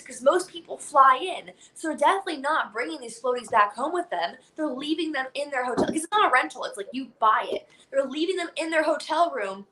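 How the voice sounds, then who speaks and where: A young woman telling a story in casual chat, animated and laughing, acting out other people's lines. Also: high voice, a little fast. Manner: animated, laughing, acts out quotes. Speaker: guest.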